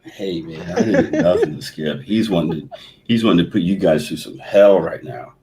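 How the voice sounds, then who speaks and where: A man's voice: sits low, sing-song, moderate pace, creaky, noisy background. A man co-hosting a casual comics livestream over an online call, wry and self-deprecating. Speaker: livestream co-host. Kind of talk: casual chat.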